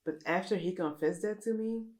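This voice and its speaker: Deadpan low-voiced woman, mock-serious. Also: moderate pace, low-quality recording. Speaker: comedic vlogger. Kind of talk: deadpan satirical monologue.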